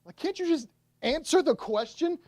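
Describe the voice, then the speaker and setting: A man, a pastor, preaching a sermon and retelling a story with lively, acted-out voices. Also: very high voice, normal speed, no room sound, clean studio sound.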